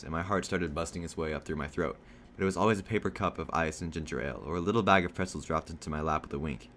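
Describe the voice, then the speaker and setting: A man reading a novel aloud, telling a first-person story in a steady storytelling manner. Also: deep voice, a little hiss or hum. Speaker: reader.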